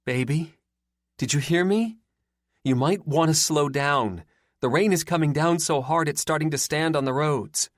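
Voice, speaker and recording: A man's voice: lively intonation, moderate pace, hardly any pauses, dry recording, clean studio sound. A man voicing an anxious young woman. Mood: pleading. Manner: higher, urgent pleading voice. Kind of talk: audiobook dialogue.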